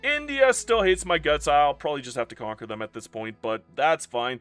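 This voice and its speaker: A young man commentating his strategy gameplay, swinging from loud outbursts of disbelief to ranting and gloating. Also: on the high side, animated, fairly quick, smooth, soft background music. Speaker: strategy game video creator.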